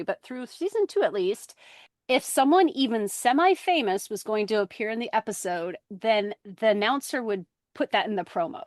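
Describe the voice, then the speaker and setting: Woman podcast co-host, lively storyteller, dry close mic. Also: a little high, no echo. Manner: animated storyteller, jumps into excited quoted voices. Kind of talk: casual chat.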